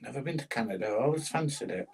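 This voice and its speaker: A man's voice: medium pitch, lively intonation, rapid-fire, gravelly, husky, poor audio. An older man casually chatting on a livestream, reading out viewer comments and laughing as he goes. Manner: chatty, laughs often, plain-spoken. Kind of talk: casual chat.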